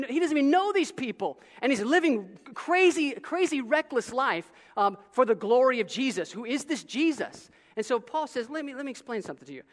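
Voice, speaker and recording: A man preaching a sermon as pastor, in an animated style full of casual asides and quick restarts. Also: extremely high pitch. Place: church sanctuary. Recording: long reverb of a large hall.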